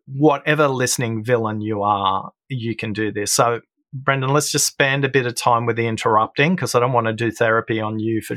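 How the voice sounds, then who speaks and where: Middle-aged male guest, explanatory storyteller, average pitch, dry close sound. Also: a bit bright, no echo. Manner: storytelling, explanatory, acts out quoted voices. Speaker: guest, listening expert. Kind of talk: conversational interview.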